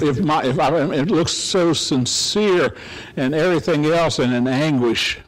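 A pastor giving a conversational sermon, often checking in with listeners by asking "right?" and acting out quoted pleas in short bursts. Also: male voice, on the high side, a little hiss or hum, low-quality recording. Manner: conversational, asks the audience rhetorical questions with "right?"; acts out pleading voices in quotes.

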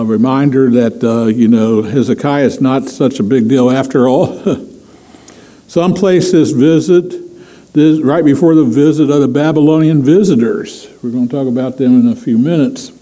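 Male preacher, informal sermon, warm mellow voice, mid pitch, loose with fillers and chuckles. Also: poor audio. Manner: chatty, chuckles often, many fillers. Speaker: pastor. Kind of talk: conversational sermon.

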